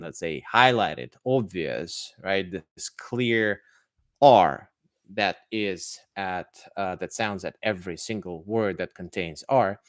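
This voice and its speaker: A man with a fairly low voice talks through viewer questions on a live-streamed language podcast. He is an English teacher and speaks in a chatty, halting way, with plenty of fillers and false starts. The sound is dry and close. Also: no room sound. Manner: chatty, hesitant, many fillers and restarts.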